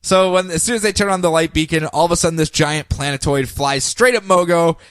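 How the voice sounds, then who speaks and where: A man's voice: fairly high pitch, brisk, fairly bright tone, smooth, no room sound. Facetious man recapping comics. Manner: joking, facetious. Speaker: podcast host. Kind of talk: casual comic book recap.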